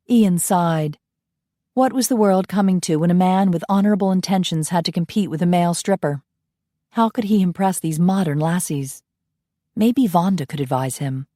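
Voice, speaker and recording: A woman narrating a romance audiobook in a steady storytelling manner. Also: on the low side, dry recording, studio quality. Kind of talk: scripted narration.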